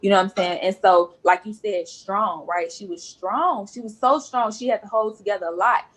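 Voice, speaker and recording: A woman's voice: medium pitch, normal speed, rough recording. A woman nurse speaking as a guest on a podcast, earnest and repeating phrases for emphasis. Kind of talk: podcast interview.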